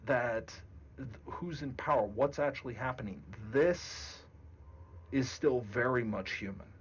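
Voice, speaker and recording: A man speaking as a guest game master in a casual discussion, deliberate and emphatic. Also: mid-range voice, husky, dull audio.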